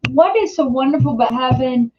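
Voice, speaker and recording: A woman's voice: high-pitched, expressive, brisk, a little hiss or hum. A middle-aged woman hosting a casual live stream from home, rambling with lots of fillers and restarts. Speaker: host. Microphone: webcam or computer mic. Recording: slightly dull, lo-fi home webcam audio.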